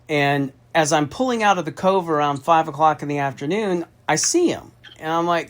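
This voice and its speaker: A man's voice: fairly high pitch, fairly quick, hardly any pauses. Profane, emphatic middle-aged man telling a story. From Austin, Texas. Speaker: federal contracting consultant. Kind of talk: storytelling in a phone conversation.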